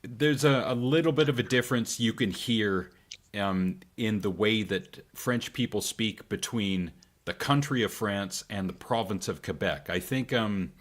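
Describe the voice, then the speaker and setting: Low-voiced man chatting, rambling and hesitant. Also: measured pace. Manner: rambling, hesitant, trails off quietly. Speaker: podcast co-host. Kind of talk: casual chat.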